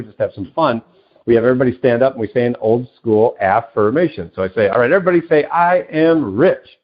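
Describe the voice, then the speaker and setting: A man being interviewed as a self-help coach, talking with enthusiasm and acting out little dialogues. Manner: enthusiastic, acts out dialogue with big pitch jumps. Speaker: self-help author and coach, podcast guest. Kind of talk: animated interview talk. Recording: dull lo-fi audio.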